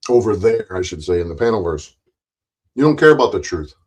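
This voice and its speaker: A man's voice: low voice, big pitch swings, a little fast, husky. A man streaming an angry ranting monologue, blunt and full of swearing, repeating himself with frequent restarts and mocking other people's voices.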